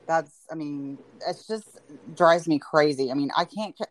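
A woman with a low voice hosts a relaxed podcast chat. She keeps the talk moving with questions and supportive remarks, often murmuring "mm-hmm" as she listens. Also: moderate pace. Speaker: podcast host. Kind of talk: casual chat.

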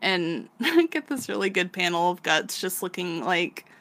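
A woman's voice: fairly low pitch, sing-song, unhurried, a bit bright. A woman co-hosting a podcast, casually recapping a manga, laughing often and swearing freely as she acts out the characters. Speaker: podcast co-host.

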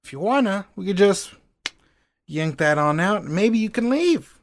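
A man's voice: high voice, animated, normal speed, no room sound, clean studio sound, voice pushed up. A man goofing as slangy bro doctors. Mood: offhand. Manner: slangy, offhand. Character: laid-back bro doctors, casual and offhand.

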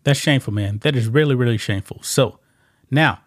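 A man's voice: mid-range voice, fairly quick, slight background noise. A man giving casual reaction commentary on a video clip, repeating himself and often saying "man". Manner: casual, repetitive, says "man" a lot.

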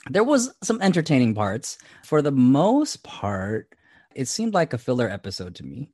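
A man co-hosting a casual podcast, animated and laughing often, cursing freely as he chats. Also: medium pitch, normal speed, dry recording, studio quality. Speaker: podcast co-host.

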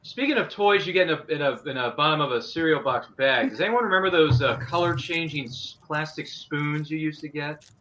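A man's voice: a little high, brisk, sharp tone, a little hiss or hum. A man co-hosting a casual chat, joking and playful. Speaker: co-host, runs his own show.

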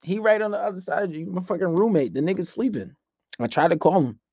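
A young man rants into his laptop at night, casual and crude, rambling through blunt dating advice. His voice sits a little high for a man. The sound is close and dry, with no room echo. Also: animated, fast, mellow, breathy edge. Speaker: podcast host.

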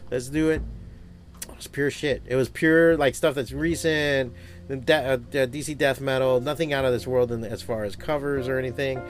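A man who owns a comic book shop, talking in a casual podcast monologue, swearing often and rambling through animated stories. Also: medium pitch, moderate pace, soft background music. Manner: profane, rambling, animated storytelling.

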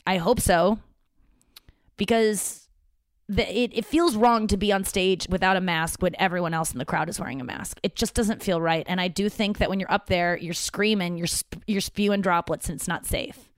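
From her father's home office, a St. Louis-area woman tells stories on her podcast at a moderate pace in a mid-range voice. The casual monologue is chatty, profane, and self-mocking, with quotes from others, and it's recorded dry with clean studio sound.

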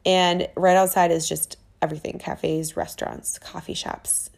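A woman vlogging in a chatty, excitable way, full of fillers, recording in a rented apartment. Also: on the low side, normal speed, creaky. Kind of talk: casual travel chat. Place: rented apartment in a big city.

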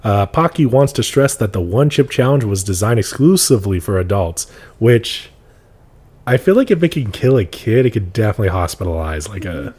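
A man's voice: fairly low pitch, very animated, brisk, darkish tone, slightly rough. A young man co-hosting a podcast, chatting casually and rambling with lots of fillers. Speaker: podcast co-host. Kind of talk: casual chat.

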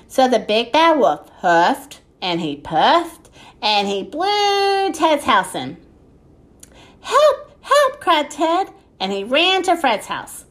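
A woman reads a children's story aloud, unhurried and expressive. Her voice sits fairly high and moves lively up and down. She takes her time over every line.

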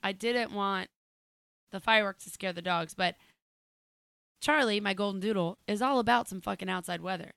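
A woman co-hosting a podcast in casual chat, blunt and sarcastic and quick to swear. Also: medium pitch, creaky, fairly bright tone, clear, resonant tone, no room sound. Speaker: podcast co-host. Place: studio.

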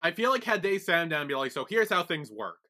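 A man co-hosting a casual recap podcast, calmly retelling the plot step by step. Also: a little high, quick pace. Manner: calm, retelling plot in steps. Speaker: podcast co-host.

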